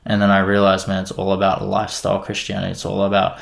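A man's voice: sits low, monotone, fast, creaky. A young man casually sharing his faith story, earnest and rambling, with lots of "like" and "you know". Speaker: guest sharing faith testimony. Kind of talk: casual faith testimony chat.

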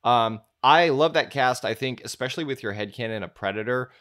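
A man's voice: mid-range voice, fairly quick, fairly bright tone. A man co-hosting a casual movie podcast, rambling playfully with many fillers. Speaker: podcast co-host.

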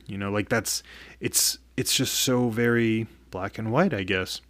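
A man's voice: lowish voice, a bit bright, dry recording. A man telling a personal story in a casual, candid way, swearing freely and often restarting his sentences. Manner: candid, profane, halting with frequent restarts. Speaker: vlogger.

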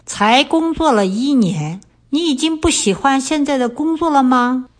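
A middle-aged woman, a guest on a language lesson, reading example sentences in a calm, measured way. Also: high voice. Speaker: guest, the host's mother.

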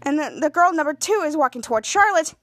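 A woman's voice: high-pitched, expressive, fast, a bit bright. A woman podcast host recapping a TV episode in casual, rambling talk with many restarts.

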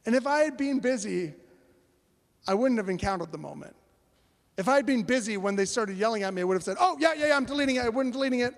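A male pastor preaching a sermon as a lively story, acting out the voices of the people in it. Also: sits high, fast, gravelly, in a large hall.

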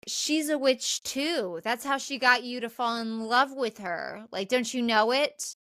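A woman voicing a vengeful teenage witch girl in a high, mocking delivery while recapping a film. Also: unhurried, pushed and bright, dry recording, clean studio sound. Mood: taunting.

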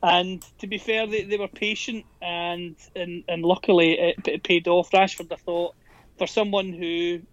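A man, co-hosting a podcast and giving candid, measured football analysis with frequent restarts. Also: sits high, flat delivery, no echo, muffled recording. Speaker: podcast co-host. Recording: volume going up and down.

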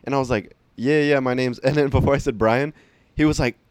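A young man, rambling through stories with heavy filler words and casual swearing. His voice is mid-pitched and recorded dry and close. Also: steady tone, a little fast, a little mellow, clean tone, dry recording. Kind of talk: casual chat.

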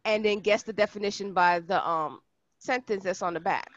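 A woman co-hosting a podcast in casual chat, blunt and teasing, quick to protest. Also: mid-range voice, lo-fi sound. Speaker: podcast co-host.

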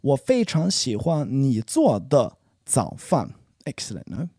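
A man's voice: mid-range voice, wildly swooping pitch, unhurried, mellow, breathy edge, no room sound, clean studio sound. A man learning a language who practises a dialogue with a friend and jokes about his own lines. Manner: joking, self-mocking.

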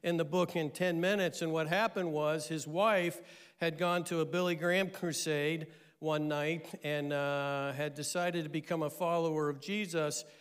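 A middle-aged man, a pastor, telling a story in a sermon with lively delivery and frequent pauses. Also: fairly high pitch, clear, resonant tone.

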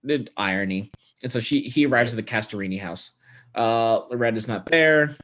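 A man co-hosting a movie podcast, summarizing the plot casually with sarcastic asides and quick quoted lines. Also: mid-range voice, a bit bright. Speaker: podcast co-host. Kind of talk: casual chat recapping a movie.

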